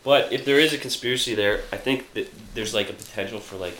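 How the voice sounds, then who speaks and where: A man's voice: medium pitch, fast, a bit bright, reverberant, slight background noise, low-quality recording. A man hosting a podcast, talking in brash, mocking, profane banter. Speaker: podcast host. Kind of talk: casual chat.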